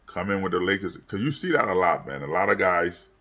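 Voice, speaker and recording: Casting note: man, very low voice, loose rambling sports reaction, lots of fillers and repeats. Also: big pitch swings, fairly quick. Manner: gets loud and high when worked up. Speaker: basketball commentator. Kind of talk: casual game reaction.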